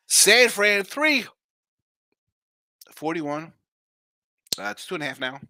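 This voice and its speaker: A man's voice: high voice, very animated, measured pace, pauses often, bright, forceful tone, dry recording, studio quality. A man hosting a live sports betting show, giving brash, jokey picks and chatting with viewers in the comments.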